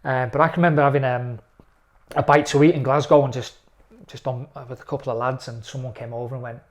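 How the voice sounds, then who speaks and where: Scouse-sounding ex footballer, 40s, chatty and lively, acts out the quotes. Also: male voice, medium pitch, fast talker. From England. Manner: chatty, animated storytelling with lively quoted voices. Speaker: former footballer, guest. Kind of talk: casual interview storytelling.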